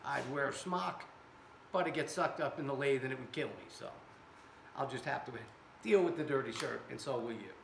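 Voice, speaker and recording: A man's voice: mid-range voice, moderate pace, creaky, a bit bright. A man testing air guns in his workshop and chatting to viewers with joking asides, recorded by a camera set far away. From America. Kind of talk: casual workshop vlog. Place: indoor workshop. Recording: echoey room, background noise.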